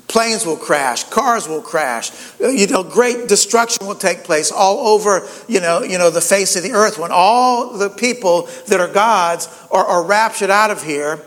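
A man's voice: high voice, fairly bright tone, big-room sound. A pastor preaching a conversational sermon, often repeating words and saying "you know" as he goes.

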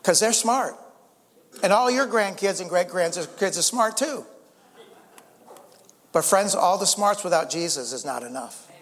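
Older preacher man, earnest, fairly high. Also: lively intonation, a little slow, long pauses, a bit bright, big-room sound. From United States. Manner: earnest, repeats words, rises in emphasis. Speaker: pastor. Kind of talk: sermon.

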